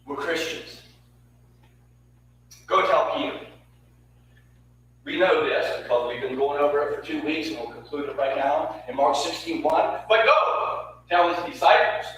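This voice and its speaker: A man preaching a lively sermon in a small church, emphatic, repeating words and asking the congregation questions. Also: on the high side, unhurried, long pauses. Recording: echoey room, mic far off, faint hum.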